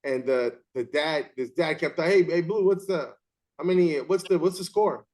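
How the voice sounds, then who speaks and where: Animated male host, high pitch, tells stories with acted-out scenes. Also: normal speed. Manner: animated storyteller, acts out scenes. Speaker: interview host and umpire. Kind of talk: casual storytelling chat.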